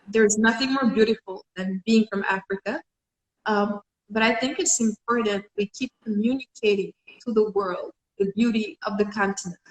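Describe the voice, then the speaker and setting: A young woman from Senegal talks as an interview guest, earnest and full of conviction, pausing on a few fillers. Her voice sits at an ordinary middle pitch. The livestream audio carries a roomy echo. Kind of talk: casual interview talk.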